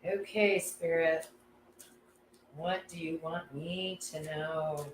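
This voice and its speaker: A woman's voice: low voice, steady tone, slow, echoey room, a little hiss or hum, low-quality recording. A woman hosting a casual live class, effusive and gushing, laughing often. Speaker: intuitive class host.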